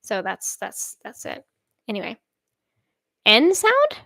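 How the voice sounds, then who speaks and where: A woman's voice: mid-range voice, huge pitch swings, slow pace, creaky, pauses often, fairly bright tone, no echo, studio quality. A nineteen-year-old woman whose first language is Swedish, chatting casually on a livestream in a hesitant, rambling way, with many fillers and restarts. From Sweden. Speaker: streamer.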